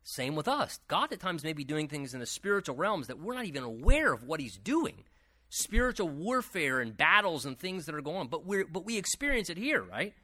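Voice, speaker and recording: With a voice pitched a bit high, this man preaches Bible lessons in a swooping, energetic style. His manner is chatty and animated, full of side remarks and fast self-corrections.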